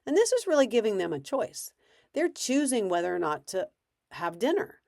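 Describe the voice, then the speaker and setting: A woman's voice: medium pitch, sing-song, normal speed, vocal fry, a little mellow, no room sound, clean studio sound. A woman parenting coach giving casual advice in a conversational way, acting out bits of parent and child dialogue.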